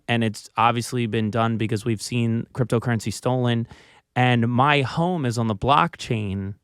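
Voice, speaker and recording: A man with a Philadelphia accent, a guest on a radio talk show, chatting casually and pausing often with ums and restarts. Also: mid-range voice, clear, resonant tone, dry recording, clean studio sound. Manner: hesitant, many ums and restarts. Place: radio studio.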